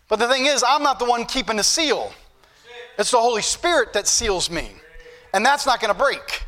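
Bright-voiced folksy preacher. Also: male voice, very high-pitched, big pitch swings, normal speed. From northern United States. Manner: folksy, joking asides, building to emphatic preaching. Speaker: pastor. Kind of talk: sermon.

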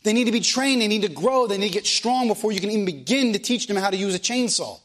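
A man's voice: high voice, animated, fast, a bit bright. A man preaching a sermon as pastor of a church, in plain country speech, asking the room question after question.

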